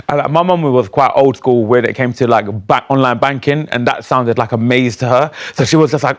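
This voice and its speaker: A man's voice: medium pitch, fairly quick, few pauses. Young man telling a story. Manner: candid storytelling, quoting others in conversation. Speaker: guest poet. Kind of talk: studio interview and recited poem. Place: TV studio.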